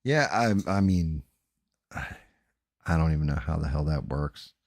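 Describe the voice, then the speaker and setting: A man with a New Jersey accent, hosting a casual live stream while painting, talking fast, rambling and swearing. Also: very deep voice, expressive, no room sound, studio quality. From New Jersey, USA.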